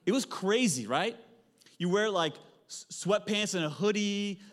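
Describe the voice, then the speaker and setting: A man in his thirties delivers a sermon from the stage of a church sanctuary. His voice sits a little high and moves from loud, lively storytelling to hushed, serious moments. Long reverb from the large hall trails behind his words. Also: unhurried. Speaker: pastor.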